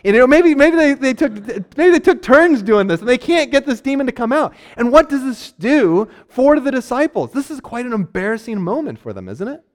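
A man preaching a sermon on a Bible passage, conversational, acting out the characters in quick asides. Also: very high-pitched, sing-song. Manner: frequent fillers and restarts, laughs lightly.

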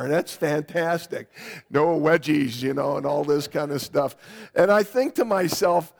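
A man preaching a sermon on a microphone, emphatic and repetitive, with bursts of loud stress. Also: fairly high pitch, moderate pace, gravelly. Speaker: pastor. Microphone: microphone on a sound system.

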